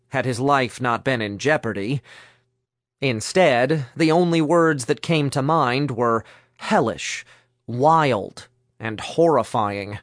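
Slow measured male audiobook narrator. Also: mid-range voice, no room sound, clean studio sound. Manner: measured, steady storytelling. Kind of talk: scripted narration.

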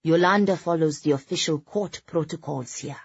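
A woman's voice: sits low, moderate pace, husky, no echo, muffled recording, full character voice. A woman voicing a courteous man with a Scandinavian accent who firmly explains court etiquette. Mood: correcting. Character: man speaking with a Scandinavian accent, polite and correct.

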